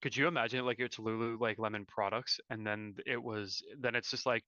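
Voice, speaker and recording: Man co-host, casual rambling hockey chat, bright and crisp, dry dull sound. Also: mid-range voice, steady tone, brisk, dry recording. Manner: rambling, filler-heavy, self-correcting. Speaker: podcast co-host. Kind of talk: casual live-stream chat.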